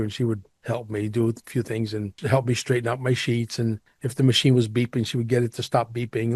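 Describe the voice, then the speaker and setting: A man hosting a podcast, telling a long story in a casual, animated, profane and exaggerated way. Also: medium pitch, brisk, no echo, clean studio sound. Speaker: podcast host.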